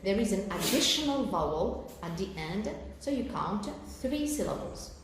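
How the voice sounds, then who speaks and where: A very animated woman with an Algerian accent and a medium-pitched voice teaches English in a recorded televised lesson. She explains slowly and carefully, using fillers and checking in with "okay?". The room is very echoey, with faint background noise.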